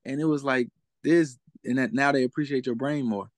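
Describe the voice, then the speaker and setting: A man's voice: mid-range voice, fairly quick, no echo. A young man as a guest in a casual interview, talking in a laid-back way and often asking "you know what I'm saying?".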